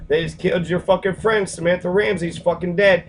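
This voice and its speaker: Profane ranting man, slightly high voice. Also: steady tone, fairly quick, slight background noise, poor audio. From Kentucky. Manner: profane, ranting, many fillers. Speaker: civics vlogger. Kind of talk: angry casual commentary.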